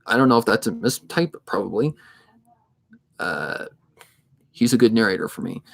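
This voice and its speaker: A creaky voice on the low side, a moderate pace: this man in his twenties narrates fanfic readings and chats casually on a livestream. He sounds steady and somewhat monotone, thinking aloud as he goes.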